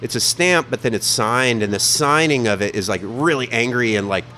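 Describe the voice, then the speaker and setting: Animated, swearing male storyteller. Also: medium pitch, moderate pace, a little hiss or hum. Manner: animated, profane, many "like" fillers. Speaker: podcast guest telling a travel story. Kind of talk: casual storytelling chat.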